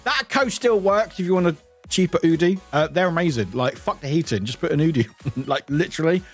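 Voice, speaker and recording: A UK man streams from his home room, chatting casually with his live chat in a fairly high voice, speaking a little fast. He's animated and laughing, greeting viewers by name, with faint music in the background.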